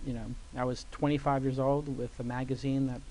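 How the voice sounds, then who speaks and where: A man in his forties on a conference stage, telling an animated story and acting out other people's voices. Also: mid-range voice, fairly quick, a little hiss or hum. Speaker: guest entrepreneur. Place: conference stage before an audience.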